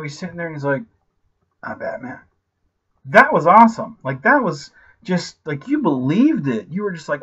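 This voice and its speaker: A man in his thirties giving a casual, ranting movie review, animated and profane, constantly saying "like" and "you know". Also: sits high, muffled recording. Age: 30s.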